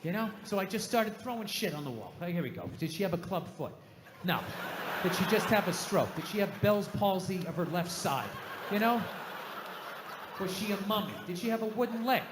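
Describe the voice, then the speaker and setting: A man doing a stand-up routine, ranting and swearing, dropping to a mutter and then bursting out loud. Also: sits high, animated, fairly quick, background noise. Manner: ranting, profane, swings from loud outbursts to muttering. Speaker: stand-up comedian. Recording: roomy hall reverb.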